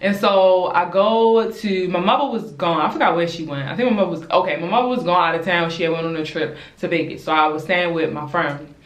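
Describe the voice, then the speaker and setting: A young woman from Baltimore telling a casual storytime at home while doing her hair, chatty and animated, talking straight to her viewers. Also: fairly low pitch, a little fast, few pauses. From Baltimore, USA. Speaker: vlogger. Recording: roomy echo.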